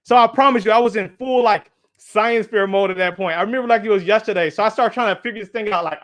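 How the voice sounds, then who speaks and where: A man with a strikingly high voice gives a guest talk, animated and chatty. He keeps turning to the crowd with "right?" and "y'all", and he acts out the people in his story with small put-on voices. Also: fast talker. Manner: animated, speaks straight to the audience with "y'all" and "right?". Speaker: guest speaker and engineer. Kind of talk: lively storytelling talk at a symposium.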